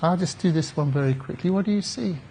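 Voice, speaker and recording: A man's voice: sits high, fast talker, warm tone, a little hiss or hum. A man, a therapist, giving a conference talk in a reflective, conversational way with wry asides to the audience. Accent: British English.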